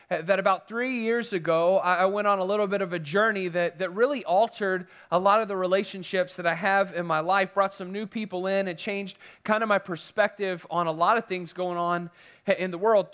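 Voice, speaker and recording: A man with a notably high voice preaches, drifting from prayer into a personal story. He talks conversationally, circling back and restarting sentences as he goes. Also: a bit bright. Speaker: pastor. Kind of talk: sermon storytelling.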